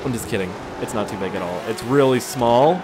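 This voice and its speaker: A man's voice: medium pitch, a little fast, very noisy. A man giving crude, rambling, joking commentary while playing a racing game. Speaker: gameplay commentator. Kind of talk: casual gameplay commentary. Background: game music and car engines.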